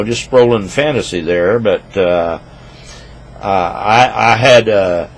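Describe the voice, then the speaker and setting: A man ranting crudely into a computer microphone at his home desk, rambling and swinging between loud outbursts and low mutters. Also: vocal fry, rough recording. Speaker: vlogger. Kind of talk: rambling profane rant to camera.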